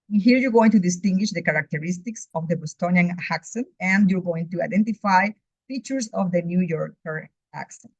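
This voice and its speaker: A woman's voice: lowish voice, dry recording. A woman teaching English, whose first language is Spanish, reading methodically through a course outline in a recorded overview. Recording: dull lo-fi recording, dry.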